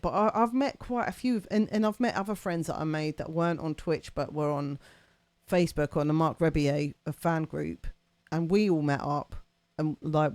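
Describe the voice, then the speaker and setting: A woman's voice: lowish voice, a little mellow, no room sound. A woman hosting a live stream, chatting casually and rambling with lots of fillers and laughter. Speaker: livestream host.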